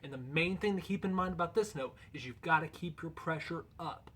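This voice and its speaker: A man's voice: on the high side, fairly quick, fairly bright tone, slight background noise. A man in a casual instructional video, explaining goose calling in a loose, folksy, conversational way.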